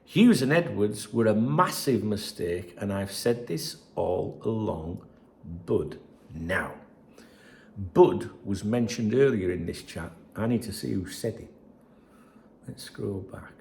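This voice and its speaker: A man's voice: lowish voice, expressive, slow pace, creaky, darkish tone. A man hosting a football channel, reading out messages and chatting to viewers in a sweary, rambling way. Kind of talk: casual solo commentary reading messages.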